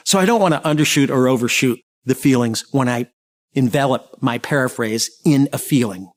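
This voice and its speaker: A man giving a training talk on listening, anecdotal and humorous with lively asides. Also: medium pitch, normal speed. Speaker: communication trainer.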